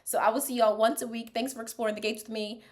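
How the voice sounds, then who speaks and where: A woman's voice: a little high, fast. Chatty, laughing woman reviewing a show. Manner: chatty and animated, laughs often, drops to asides. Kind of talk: casual reaction vlog.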